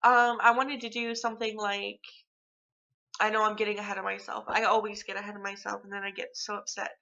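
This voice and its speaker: A young woman talks to her phone camera at home in a bright, sharp voice, wandering from thought to thought with plenty of fillers. The sound is dull and lo-fi, like cheap phone audio. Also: medium pitch, little pitch movement, fairly quick, gravelly. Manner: rambling, chatty, lots of filler words. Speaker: vlogger. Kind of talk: casual chat to camera.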